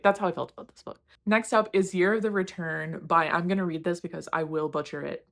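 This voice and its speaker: A woman's voice: on the low side, fast talker, creaky, hardly any pauses. Candid, rambling woman book reviewer. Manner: candid, rambling, self-deprecating, swears casually. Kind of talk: casual book wrap-up chat.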